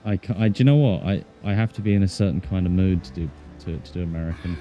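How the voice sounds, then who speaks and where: A lower-voiced English man with a very dark, mellow tone, chatting away as he plays a game. He jokes and mutters to himself, with faint music in the background. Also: fairly even intonation, fast talker, dull audio. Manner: chatty, joking, talks to himself while playing. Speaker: streamer. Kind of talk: casual gameplay chat.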